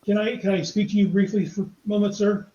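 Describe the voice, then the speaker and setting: A man's voice: high-pitched, fairly even intonation, fast talker, warm tone, roomy sound, lo-fi sound. A man playing in a tabletop game who speaks politely and earnestly. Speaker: player. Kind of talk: casual tabletop play.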